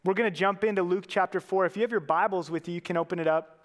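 A man's voice: high-pitched, fast, in a large hall. A man giving a sermon as a pastor, earnest and conversational, with casual fillers.

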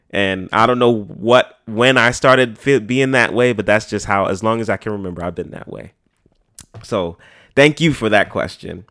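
A man's voice: medium pitch, sharp tone. A man hosts a podcast in loose, casual chat. He rambles through his points with plenty of slang and swearing, and his voice sits in a mid register. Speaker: podcast host.

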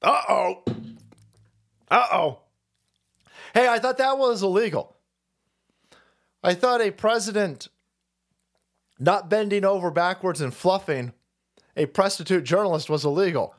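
A man's voice: high-pitched, moderate pace, pauses often. A man ranting on his stream in political commentary, profane and mocking, swearing freely. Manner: profane, mocking, mimics opponents in silly voices. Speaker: streamer host.

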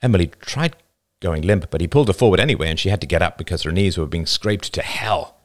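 A man's voice: deep voice, lively intonation, fast. A man narrating a novel as its author, reading expressively and dramatically.

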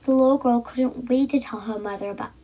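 A woman reads a children's storybook aloud, with a lightly high, breathy voice. She acts out the characters and often drops into soft whispers. The pacing is gentle and playful. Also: a little fast, low-quality recording. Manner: lively, acted character voices with frequent soft whispered asides. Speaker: storyteller reading a children's book.

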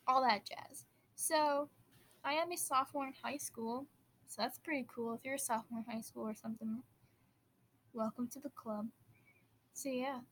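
A bubbly fifteen-year-old girl from Wisconsin, with an Upper Midwest American accent, hosts a casual teen podcast, giggling and rambling with frequent restarts. Her voice is high and fairly bright, and the rough recording has slight background noise.

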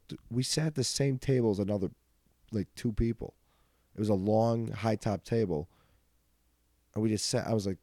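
Young male podcast host with a low, dark voice who rambles through profane anecdotes and laughs a lot. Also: expressive, brisk, gravelly, no echo, clean studio sound. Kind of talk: casual comedic storytelling.

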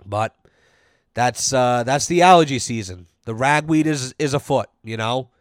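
A young man rambles through his podcast in a loose, profane storytelling style. His voice sits at an ordinary pitch and comes through smooth and resonant. The recording is close and dry, with no room sound. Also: a little slow, no echo. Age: young adult. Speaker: podcast host. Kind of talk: casual monologue.

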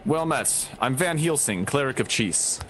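A man's voice: medium pitch, animated, measured pace, a bit bright, slight background noise, pitched above the performer's own voice. A man doing a courteous cleric adventurer. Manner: polite, formal.

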